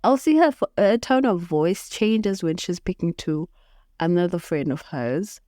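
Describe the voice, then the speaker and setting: A woman hosting a motivational podcast, speaking in an unhurried, reflective way and often laughing at her own stories. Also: fairly low pitch, lively intonation, warm tone, no room sound, clean studio sound. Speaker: podcast host.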